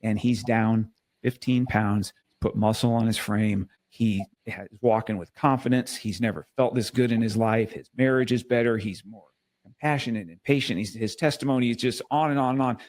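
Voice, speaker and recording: A man's voice: medium pitch, moderate pace, darkish tone, no echo. A man talking earnestly in a casual faith podcast conversation, restarting and repeating words as he tells a story.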